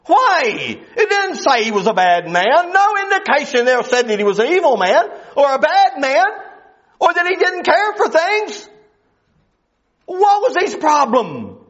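A man's voice: very high-pitched, very animated, a little slow, a bit bright. A man preaching a sermon, emphatic and full of rhetorical questions, on a dull lo-fi recording.

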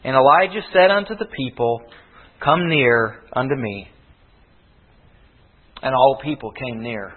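A man preaching a sermon, telling a story that climbs loud and then sinks to a hush. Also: medium pitch, a little slow, long pauses. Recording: tinny phone-like recording.

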